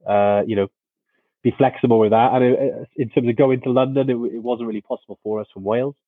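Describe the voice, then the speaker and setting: A man's voice: medium pitch, steady tone, fast talker, no echo, narrow, tinny audio. A man co-hosting a casual live-stream chat, friendly and laid-back.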